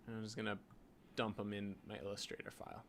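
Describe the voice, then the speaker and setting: A Canadian graphic designer rambles through his design work in a casual screen-share vlog, thinking aloud and peppering it with "like" and "you know." His voice is fairly low and steady, he talks fast with some creak, and there's slight background noise.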